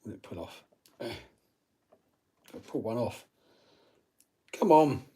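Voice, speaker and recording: A man's voice: mid-range voice, expressive, slow pace, dark tone, husky. A man hosting a live stream, casually chatting and reading out viewer comments while he works on his gear. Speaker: channel host.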